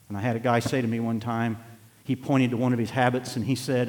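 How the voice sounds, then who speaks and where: Older preacher in a reverberant hall. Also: male voice, medium pitch, steady tone, fairly quick. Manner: folksy storytelling, swings to emphatic loud preaching. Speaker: pastor. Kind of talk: sermon.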